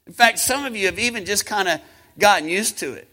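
A male pastor preaching a sermon, rhythmic and impassioned, with fast runs, slow drawn-out emphasis and calls to the congregation. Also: sits high, pushed and bright, low-quality recording. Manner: swings from quick talk to slow, drawn-out emphasis.

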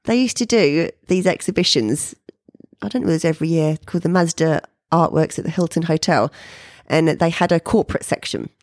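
Low, creaky New woman. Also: brisk, no echo, studio quality. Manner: animated, jumps high when quoting people. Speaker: painter being interviewed. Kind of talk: casual storytelling interview.

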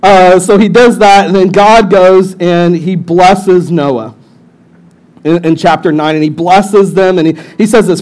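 Animated high-voiced male pastor. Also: a little slow. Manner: animated storyteller who jumps into high-pitched voices for characters. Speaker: lead pastor. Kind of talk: casual, humorous sermon.

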